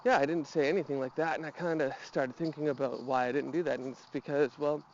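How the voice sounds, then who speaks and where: A man's voice: fairly high pitch, steady tone, quick pace, dull audio, slight background noise. A man talking casually while walking his dog outdoors, a little out of breath and slightly nasal, rambling with restarts and fillers. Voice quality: a bit nasal. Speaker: podcast host.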